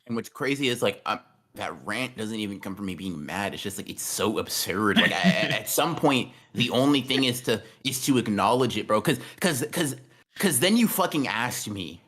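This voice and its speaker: Low-ish voiced guy cohosting a stream, rambles, swears a lot, stutters on repeats. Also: expressive, normal speed, a bit bright. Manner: rambling, profane, repeats words. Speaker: podcast co-host. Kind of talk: casual livestream chat.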